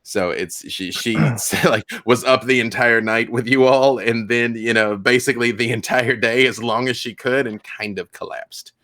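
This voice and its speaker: A man's voice: medium pitch, steady tone, normal speed, few pauses, pushed and bright, dry recording, studio quality. A man narrating a tabletop role-playing game as game master, in a casual, rambling way with many fillers.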